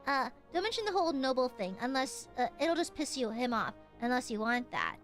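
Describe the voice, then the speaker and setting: A woman's voice: sits high, very animated, a little fast, faint music behind. A woman streaming a video game, chatting casually in a playful, crude way and laughing often.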